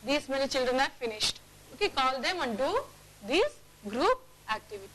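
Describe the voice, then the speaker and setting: A woman teacher leading a classroom phonics lesson, drilling words aloud and checking the class with quick questions. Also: high voice, very animated, a bit bright, a little hiss or hum, poor audio.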